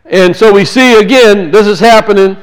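High-voiced male preacher. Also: normal speed, clear, resonant tone, rough recording. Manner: teaching with rhetorical questions and emphatic repetition. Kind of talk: sermon.

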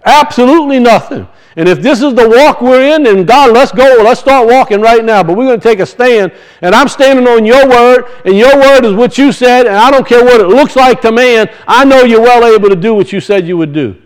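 A man's voice: very high voice, fairly quick, few pauses, clean tone, poor audio. A middle-aged man preaching a sermon as a pastor, talking conversationally, asking rhetorical questions and telling folksy stories.

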